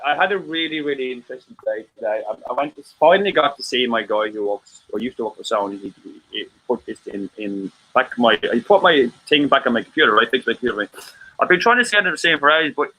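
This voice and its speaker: A man's voice: medium pitch, expressive, fast, bright, forceful tone, poor audio. An Irish man in casual chat, rambling, stammering and swearing freely. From Ireland.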